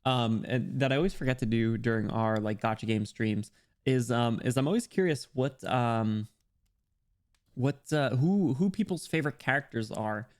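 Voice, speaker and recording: A man's voice: mid-range voice, moderate pace. Chatty young man streaming a game. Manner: chatty, laughs often, reads chat aloud. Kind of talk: casual live-stream chat.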